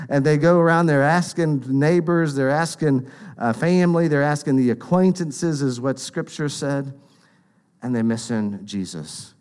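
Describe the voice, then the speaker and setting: A man's voice: mid-range voice, a little mellow, clear, resonant tone. A man preaching a sermon in an earnest, conversational storytelling manner.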